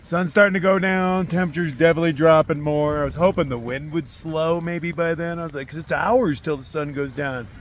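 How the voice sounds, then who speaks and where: A man's voice: on the high side, steady tone, brisk, few pauses, slight background noise. A man filming a vlog from inside a small tent during a windstorm. He sounds cold, hungry and worn down, talking close to a handheld camera and swearing a lot. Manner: weary, frustrated, swears often. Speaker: long-distance hiker. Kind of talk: vlog filmed while camping.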